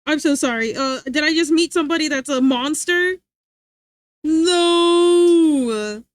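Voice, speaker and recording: A woman's voice: sits high, quick pace, no echo. A young adult woman streaming live, giggling often as she chats casually with her viewers. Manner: giggly, animated, chatty. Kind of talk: casual chat reading live chat. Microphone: streaming mic.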